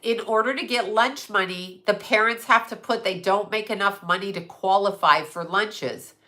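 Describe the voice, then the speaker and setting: A woman's voice: mid-range voice, moderate pace, bright, forceful tone. A middle-aged woman ranting on a live stream, blunt and profane, laughing often and jumping from topic to topic. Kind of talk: casual live stream chat.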